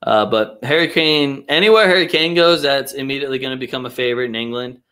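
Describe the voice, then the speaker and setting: A man's voice: medium pitch, fast. A young man hosting a casual live soccer chat, swearing a lot and ranting with strong opinions, sometimes mocking others in put-on voices. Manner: profane, opinionated, animated rants with mocking voices. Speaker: podcast host.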